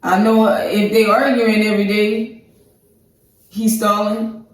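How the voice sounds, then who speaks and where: A man co-hosting a reaction show, giving a casual, animated recap in slangy talk and acting out quotes. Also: high voice, slow. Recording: very echoey room, voice far from the mic.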